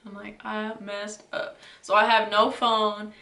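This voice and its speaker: A woman's voice: medium pitch, little pitch movement, measured pace, pushed and bright, distant mic. A young woman casually telling a storytime, talking loosely with lots of filler words. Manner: chatty, filler-heavy retelling with lots of "like" and "you know". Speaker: vlogger. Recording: roomy echo, voice away from the mic.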